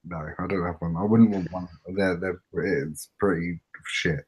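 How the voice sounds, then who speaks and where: A man's voice: deep voice, fairly even intonation, normal speed, a little mellow, husky. A British man co-hosting a casual podcast, dry and teasing. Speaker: podcast co-host. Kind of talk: casual chat.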